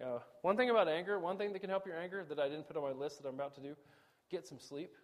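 A middle-aged man preaching a sermon, animated, swinging between loud emphasis and quiet asides, often acting out quoted dialogue. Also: on the high side. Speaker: pastor.

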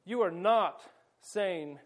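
A stern first man, firm and commanding as he rebukes, as a preacher acts him out. His voice sits high for a man and stays steady and resolute. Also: slow, slight background noise.

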